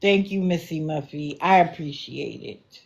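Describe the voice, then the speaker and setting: A woman hosting a casual livestream, answering viewer comments with quick apologetic asides and animated reactions. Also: deep voice, gravelly, muffled recording. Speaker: livestream host.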